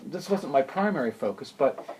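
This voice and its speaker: A man giving a spoken piano lesson, unhurried and thoughtful, who sings rhythms and counts beats aloud. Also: medium pitch, animated, a little mellow, slight background noise. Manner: unhurried, thoughtful, with many fillers. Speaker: piano teacher.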